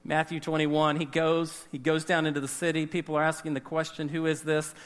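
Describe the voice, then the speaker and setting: A man delivers a sermon, working through a scripture passage and putting questions to his listeners. His voice sits high and bright. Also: level tone, brisk. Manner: expository, questioning the listeners and re-enacting the scene. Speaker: pastor.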